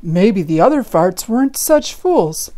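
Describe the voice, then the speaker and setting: A woman reading a rhyming children's picture book aloud, playful and expressive. She takes her time, her voice warm and mellow, with lively rises and falls. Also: medium pitch, unhurried. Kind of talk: read-aloud storytelling.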